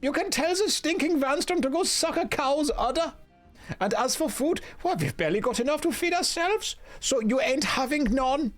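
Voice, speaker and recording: A shrill, squawking villager, as a man puts him on, paranoid and sure every stranger is a vampire. He yells and accuses in a voice pushed far above his normal pitch, the lines read straight off a video game. Faint music plays underneath. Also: expressive, fairly quick, hardly any pauses. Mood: suspicious, shouting. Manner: yelling, accusing, defensive. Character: jumpy, suspicious male villager hiding from vampires. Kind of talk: reading game dialogue aloud.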